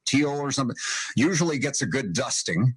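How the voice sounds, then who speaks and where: A man's voice: medium pitch, animated, normal speed, breathy edge, dry recording, rough recording. A man from Northeast Indiana hosting a radio show, chatting casually and chuckling often as he reads through a list. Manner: amused, chuckling often while reading.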